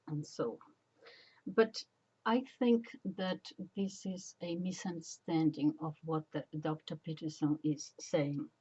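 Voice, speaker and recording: Older woman, slow reflective commentary, soft dark tone, dull lo-fi sound. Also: fairly low pitch, husky. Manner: hesitant, many ums, slow and reflective. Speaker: catholic commentator. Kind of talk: casual religious commentary.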